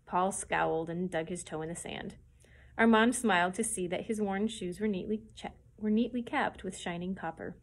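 A woman librarian reading a children's chapter book aloud in a clear, steady storytelling manner. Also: mid-range voice, normal speed.

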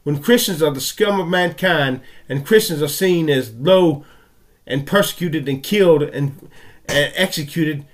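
Furious, swearing man with a higher voice. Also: measured pace. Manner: furious, profane and stammering. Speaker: vlogger. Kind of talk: angry ranting monologue.

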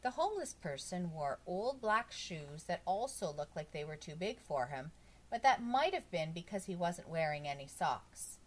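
Animated woman reading a storybook. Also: on the low side, moderate pace. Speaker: audiobook reader. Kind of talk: storybook read-aloud.

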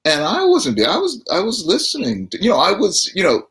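A man's voice: a little high, fairly quick, few pauses. A man telling theater anecdotes as a talk show guest, acting out the quotes as he goes. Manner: animated storyteller, acts out quotes.

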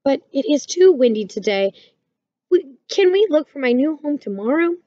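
A woman's voice: high voice, big pitch swings, normal speed, warm tone, dry recording, lo-fi sound, voice pushed up. A woman voicing a small, timid young male mole in a storybook reading, with a small pleading voice. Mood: grateful.

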